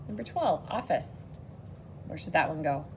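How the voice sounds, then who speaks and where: A woman teaching a phonics lesson to children on video, patient and encouraging, speaking slowly and clearly. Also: deep voice, animated, darkish tone, a little hiss or hum.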